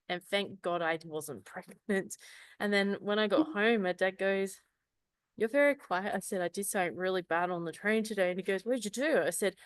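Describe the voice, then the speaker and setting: Casting: woman, forties, from Australia, fairly low voice, animated storyteller, dry sound. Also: smooth, no room sound. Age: 40s. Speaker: club speaker. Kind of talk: impromptu speech.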